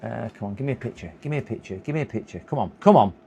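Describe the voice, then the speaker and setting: A muffled recording catches a man's mid-range voice, expressive and rapid-fire, with vocal fry, a dark tone, and a breathy edge. He's tired, has a sore throat, and chats casually on a live stream while repairing a computer, muttering to himself, chuckling, and coaxing hopefully.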